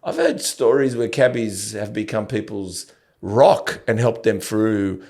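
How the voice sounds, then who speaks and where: A male podcast host with a low, gravelly voice muses aloud in a loose, rambling way. His thoughts come out in halting starts and restarts, as if he is working out the idea while he speaks. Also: animated, a little mellow. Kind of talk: casual conversational interview.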